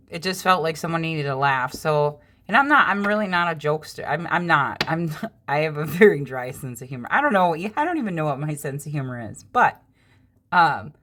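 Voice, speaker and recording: Low-voiced chatty woman reading tarot. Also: a bit bright. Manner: chatty, rambling, self-deprecating dry humor. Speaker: tarot reader. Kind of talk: casual tarot reading vlog.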